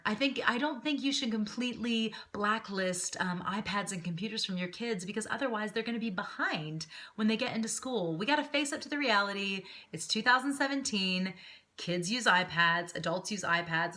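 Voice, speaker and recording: A woman in her thirties talks casually to her camera, chatty and animated, laughing often. Her voice has a bright, forward tone at a medium pitch. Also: normal speed. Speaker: vlogger.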